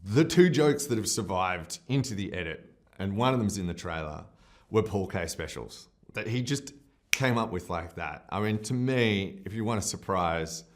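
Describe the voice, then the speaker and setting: A man's voice: low voice, expressive, moderate pace, a little hiss or hum. An Australian man, a film director, talking in a festival interview, effusive and rambling with many fillers and restarts, openly emotional and self-deprecating.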